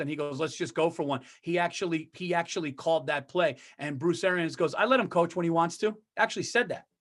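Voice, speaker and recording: A man co-hosting a podcast in casual chat, telling animated stories, acting out quotes and swearing freely. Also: a little high. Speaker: podcast co-host.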